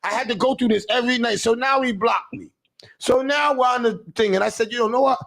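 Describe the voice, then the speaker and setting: A man telling a comic story as a rant, animated and profane, who keeps saying "you know what I'm saying". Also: very high-pitched, a little fast, vocal fry.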